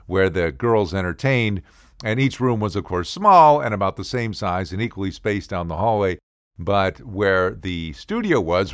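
An older man telling a funny personal story in a casual, animated way, acting out the yelling and the other people's lines. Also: fairly low pitch, no room sound, studio quality.

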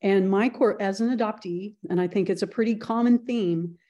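Mellow-voiced woman podcast guest. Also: medium pitch, normal speed, lo-fi sound. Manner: reflective, personal storytelling. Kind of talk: casual interview chat.

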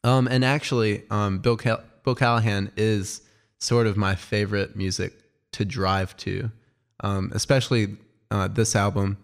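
A man co-hosting a casual album review, enthusiastic but halting, with many ums. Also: lowish voice, steady tone. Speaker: music review co-host.

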